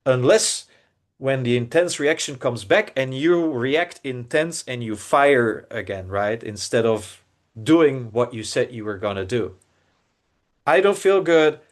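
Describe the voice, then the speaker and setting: A man's voice: mid-range voice, a little slow. Earnest man musing with many restarts. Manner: earnest, searching, many restarts and repeated words. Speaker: podcast co-host. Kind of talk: reflective casual podcast talk.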